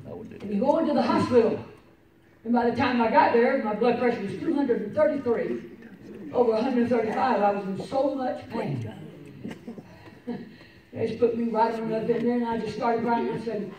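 A woman pastor preaching a sermon, swinging from shouted fervor to quiet personal storytelling. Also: on the high side, a little fast. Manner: fervent preaching, rising to shouts, dropping to soft personal storytelling. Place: church sanctuary. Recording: echoey church from far off. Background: congregation responses.

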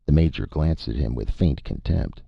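A man narrates an audiobook in a very deep, gravelly and husky voice. His delivery is lively, with pitch rising and falling through the tale. The sound is dry and a bit dull. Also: normal speed, no echo. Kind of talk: scripted first-person narration.

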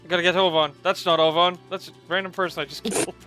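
A man's voice: high-pitched, fairly even intonation, fast talker, pushed and bright. A man casually commenting on a video game he is playing, joking, exclamatory and profane. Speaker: gaming channel host. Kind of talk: casual let's play commentary. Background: game music.

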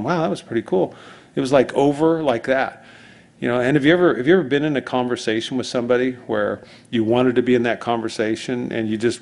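A male pastor giving a relaxed, conversational sermon. He tells it like a story, wandering into asides and restarting sentences as he goes. His voice sits at an ordinary middle pitch for a man.

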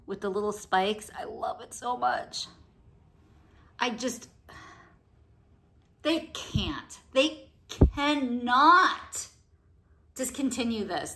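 A woman beauty vlogger chatting casually about products she loves, gushing and excitable with a rambling flow. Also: medium pitch. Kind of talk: casual product review chat.

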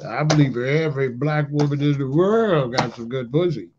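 Speaking at a normal pace in a mid-range voice, this talk-channel commentator rants casually in loose street slang, often ending lines with "allegedly" or "you know what I'm saying." There's noise in the background, and the audio is dull and lo-fi.

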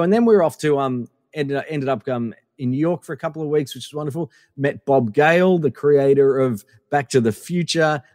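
A man's voice: mid-range voice, a little mellow, no room sound, clean studio sound, long reverb tail. A man telling a long casual story as a podcast guest, full of fillers and acted-out quotes.

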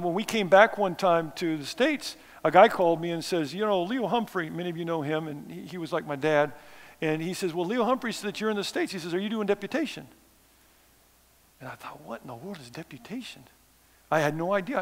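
A man's voice: a little high, fairly quick, big-room sound. A man preaching a missions sermon, conversational and self-deprecating, with sarcastic asides. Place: church sanctuary.

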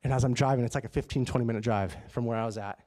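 A man preaching a sermon in a church, telling a personal story in a lively, conversational way. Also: mid-range voice, rapid-fire. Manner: animated and conversational, acts out his own dialogue. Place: church sanctuary.

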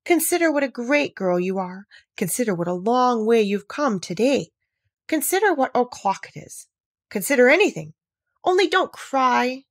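A woman reading a storybook aloud, voicing a fussy, scatterbrained elderly queen who frets and rises to squeaks. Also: very animated, moderate pace, dry recording. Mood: pleading. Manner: fretful, fluttery, rising to squeaks.

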